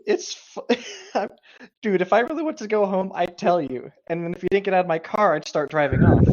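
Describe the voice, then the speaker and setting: A man's voice: sits high, lively intonation, brisk, dull audio, slight background noise. A man co-hosting a podcast, teasing his friend in casual banter. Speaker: podcast co-host. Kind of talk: casual comedic chat.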